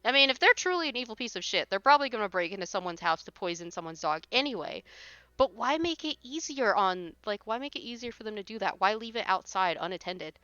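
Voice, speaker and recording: Woman streamer, casual exasperated rant, blunt and sweary, bright sharp tone, dry close sound. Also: medium pitch, expressive, quick pace, smooth, no echo, highs cut off. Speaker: livestreamer. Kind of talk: casual chat while gaming.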